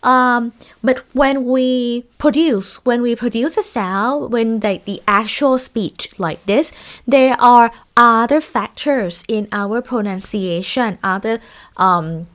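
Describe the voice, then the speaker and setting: A woman teaching a lecture, speaking in halting sentences with many fillers and restarts. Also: fairly high pitch, a bit bright.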